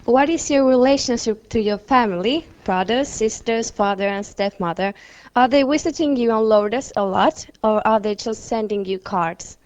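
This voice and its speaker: A woman's voice: a little high, moderate pace, darkish tone, clear, resonant tone. A woman from Finland, a fan carefully reading out her question.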